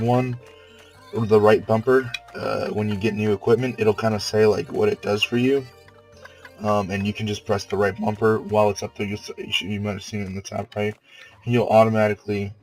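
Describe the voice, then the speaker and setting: A man's voice: on the low side, a little mellow, rough recording. A man who is sick, casually talking through a video game he plays, rambling with lots of filler words and the odd swear. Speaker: let's player. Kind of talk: casual gameplay commentary.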